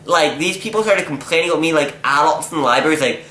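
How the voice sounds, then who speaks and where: A young man telling a story in a casual vlog, animated and exasperated, acting out what people said. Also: on the high side, fast. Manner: animated, exasperated, acts out quotes. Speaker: vlogger. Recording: echoey room, faint noise.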